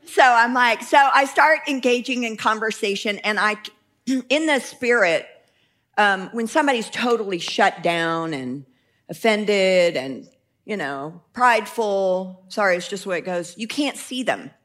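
Bright-voiced woman preaching through a story. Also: mid-range voice, a little slow. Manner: animated, laughing through the story. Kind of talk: storytelling sermon.

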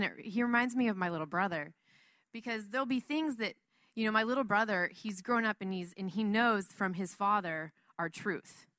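A woman's voice: mid-range voice, bright, forceful tone, dry recording, clean studio sound. A woman giving a casual Bible teaching in a chatty, rambling way, laughing often.

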